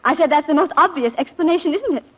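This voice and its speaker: A shaken planter's wife telling of a shooting, high lively voice, halting and emotional, 1940s radio acting, tinny old broadcast. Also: female voice.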